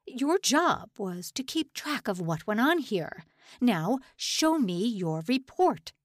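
A woman's voice: a little high, sing-song, slow, no echo, studio quality, full character voice. A sneering camp officer, as a woman reader puts him on. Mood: furious. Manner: snarling, mocking, contemptuous. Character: cruel, sneering male prison camp officer. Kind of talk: audiobook narration.

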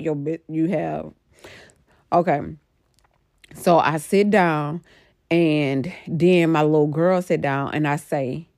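A woman's voice: on the low side, dry recording, clean studio sound. A middle-aged woman casually recounting a dream in a rambling, emphatic way, full of fillers. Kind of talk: casual storytelling about a dream.

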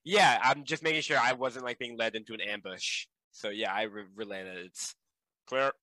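A man's voice: medium pitch, moderate pace, pushed and bright, dry recording, low-quality recording. A man playing a tabletop game, talking casually and filling with "like". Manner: casual, lots of "like". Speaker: player.

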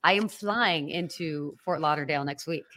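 Woman podcast co-host, animated and chatty, dry close sound. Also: low-pitched, moderate pace, dry recording. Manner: chatty, animated, laughs easily. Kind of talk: casual chat.

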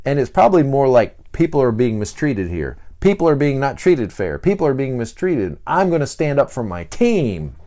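A man hosting a podcast, explaining personality types in a casual teaching monologue and acting out the people he describes in short bursts. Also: mid-range voice. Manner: animated, acts out quick voices of people he describes. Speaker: podcast host.

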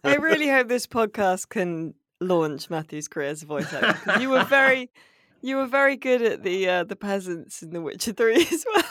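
Cohost, lots of ums, thinking out loud, dead dry mic. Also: mid-range voice, animated, normal speed, no echo. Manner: hesitant, thoughtful, many fillers. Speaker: podcast co-host. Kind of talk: casual chat.

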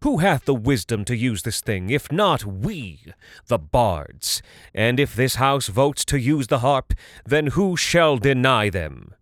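A man's voice: medium pitch, sing-song, slow, dry recording, studio quality, voice pushed up. A man voicing a sly, sneering bard schemer. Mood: rousing. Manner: forceful, persuasive, sneering. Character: scheming, lying male bard leader.

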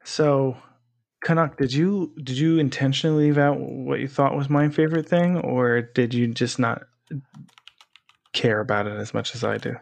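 A man's voice: mid-range voice, normal speed, vocal fry, no echo. A man co-hosting a gaming podcast, chatting casually in an upbeat, joking way and laughing easily. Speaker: podcast co-host. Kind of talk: casual chat.

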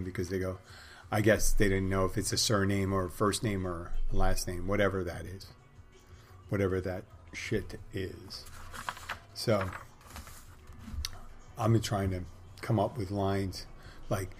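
Man, middle-aged, podcast host, deep voice, wry crude rambling, faint background music. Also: little pitch movement, a little slow, long pauses. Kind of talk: casual rambling monologue.

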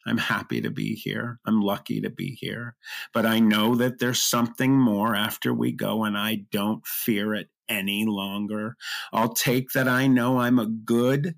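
A middle-aged man telling a personal story as an interview guest, earnest and emotional, with halting restarts. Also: on the low side, steady tone, vocal fry.

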